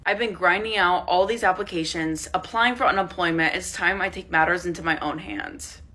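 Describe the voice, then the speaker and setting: A woman's voice: lowish voice, normal speed, bright, forceful tone. A woman narrating her own vlog in a matter-of-fact, upbeat way.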